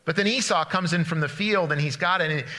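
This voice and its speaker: Bright-voiced male pastor preaching. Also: fairly high pitch, fast talker. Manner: animated storytelling with frequent restarts. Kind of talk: conversational sermon, retelling a story.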